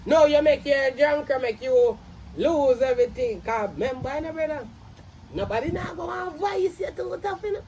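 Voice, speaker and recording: A woman with a Jamaican accent, ranting and scolding loudly in profane commentary, often shouting. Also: high-pitched, expressive, normal speed, slight background noise.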